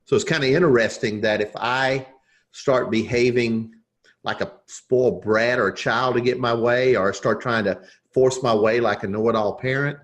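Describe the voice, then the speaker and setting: A man's voice: mid-range voice, fairly even intonation, moderate pace. A man as a podcast guest, telling a personal story in an earnest, reflective way as a leadership coach.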